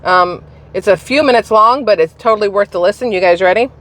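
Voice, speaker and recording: A woman's voice: mid-range voice, brisk, fairly bright tone, slight background noise. Chatty sarcastic woman vlogger. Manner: chatty, rhetorical questions, sarcastic asides. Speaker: political commentary vlogger. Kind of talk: casual opinion commentary.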